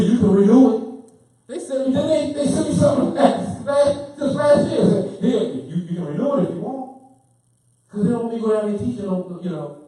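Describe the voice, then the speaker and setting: A man giving an impassioned lecture, preaching fervently and repeating points, sometimes loud. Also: high-pitched. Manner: fervent, preaching, repeats himself, gets loud then apologizes. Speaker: speaker. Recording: roomy, from far off the mic.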